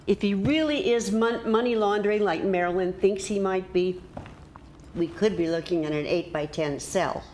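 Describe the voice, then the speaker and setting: A woman's voice: medium pitch, moderate pace, darkish tone, a little hiss or hum, natural voice. An older woman acting a sarcastic friend with dry, teasing humor in a TV drama.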